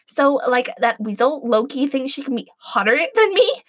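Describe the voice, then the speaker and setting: A woman's voice: high voice, sing-song, normal speed. A woman voicing a vain, spoiled queen who talks in petulant valley-girl slang. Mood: bossy.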